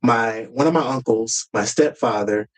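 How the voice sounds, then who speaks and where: A man's voice: medium pitch, moderate pace, a little hiss or hum, low-quality recording. A man as a podcast guest, telling a personal family story earnestly and with emotion, sometimes acting out heated words.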